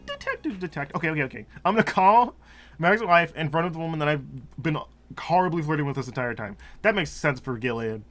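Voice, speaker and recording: A man narrates his playthrough in a jokey, rambling way, quick to laugh. His voice is bright and swings widely in pitch. Faint game music plays behind him. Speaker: gameplay commentator. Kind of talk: let's play commentary.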